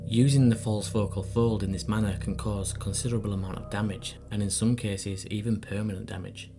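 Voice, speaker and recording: A man's voice: on the low side, steady tone, brisk, dark tone, a little hiss or hum. A man hosting and narrating, telling the story earnestly and then chatting casually to his viewers. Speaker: host and narrator. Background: background music.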